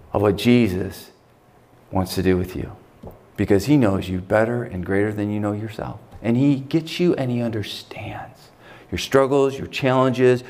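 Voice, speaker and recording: In a lowish voice, an American-accented pastor preaches in a conversational style, his delivery shifting from forceful, loud declarations to soft, whispered quotes.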